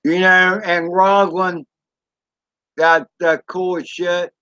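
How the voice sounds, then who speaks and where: Now his voice sits high, pushed and bright yet smooth, with little pitch movement, in a dry, close, somewhat lo-fi recording. Unhurried and folksy, this drone channel host from the Southern US reads his live chat aloud, rambling, stretching his fillers, and swearing a little.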